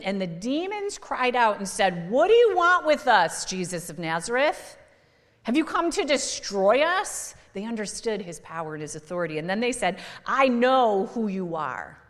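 A woman's voice: medium pitch, long reverb tail. A woman pastor giving a sermon in a church, talking in a conversational way with fillers and restarts.

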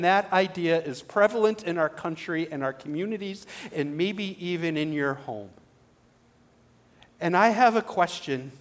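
A male pastor preaching an animated sermon, full of rhetorical questions. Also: high-pitched.

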